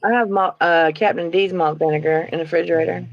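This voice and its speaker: A woman's voice: fairly low pitch, fairly even intonation, fast, no room sound, muffled recording. A woman, reacting expressively in a casual chat. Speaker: co-host.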